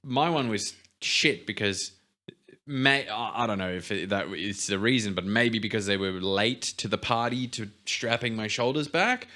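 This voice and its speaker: Bright-voiced young man. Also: on the low side, normal speed. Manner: relaxed storyteller, explains things with many fillers. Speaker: podcast co-host. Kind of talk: casual podcast chat.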